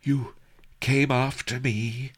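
A man's voice: medium pitch, flat delivery, slow pace, husky, voice pushed up. A man voicing a haughty, scheming female pirate duchess in a theatrical, scornful manner, in a read-aloud story. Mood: taunting.

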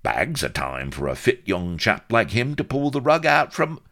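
A man's voice: medium pitch, wildly swooping pitch, moderate pace, a bit bright, voice pushed up. A man doing a slangy, unflappable shopkeeper. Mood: complacent. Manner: slangy, cheeky, dropped-letter speech. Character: calm, sly, common-spoken male shopkeeper.

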